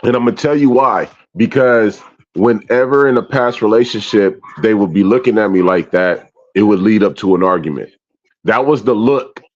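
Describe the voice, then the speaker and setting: A man co-hosting a candid casual chat, telling stories animatedly and acting out his own reactions with loud swearing. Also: lowish voice, dull audio. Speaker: podcast co-host.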